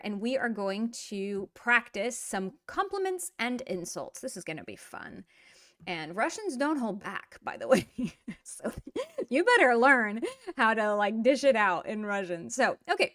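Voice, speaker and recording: A woman's voice: a little high, no room sound, clean studio sound. A woman teaching Russian in a casual video lesson, switching between English explanations and playful acted-out Russian phrases. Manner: lively, playful, acts out example phrases in Russian.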